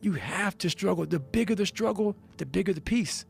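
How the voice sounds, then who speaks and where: Gravelly high-pitched man, intense and profane. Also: animated, fairly quick. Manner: intense, profane, hammering repetition. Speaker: motivational speaker. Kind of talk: motivational talk. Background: faint music.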